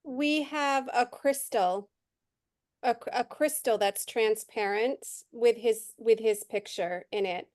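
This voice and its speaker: A woman from the audience answers a psychic medium in a soft, halting way and sounds emotional. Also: on the high side, dry recording, studio quality. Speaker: audience member at a reading.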